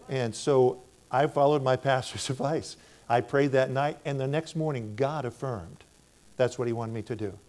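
A man's voice: medium pitch, a little mellow. An older American man preaching, telling stories from his ministry and acting out both sides of the conversations. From United States. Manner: storytelling, acts out both sides of conversations in a raised voice. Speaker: minister speaking to a church. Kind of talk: preaching testimony.

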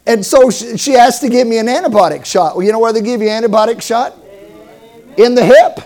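A middle-aged man preaching a sermon, telling stories with humor and emphatic swings in loudness. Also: very high voice, brisk. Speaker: pastor.

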